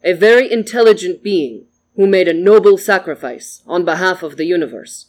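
A storyteller voicing a calm, mournful samurai man who speaks softly and formally. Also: medium pitch, close to an everyday voice. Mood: solemn. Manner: soft, formal, measured speech.

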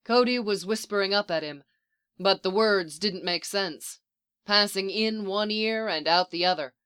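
A narrator reading a story aloud in an even, measured way. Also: mid-range voice, clear, resonant tone. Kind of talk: audiobook reading of fan fiction.

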